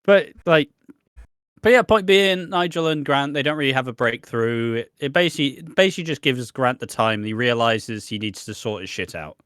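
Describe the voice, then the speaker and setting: A man's voice: mid-range voice, moderate pace, fairly bright tone, clean tone, dry recording. Brief: male podcast co-host, jokey and sweary, mid-range voice, dry close sound. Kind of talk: casual chat recapping a soap.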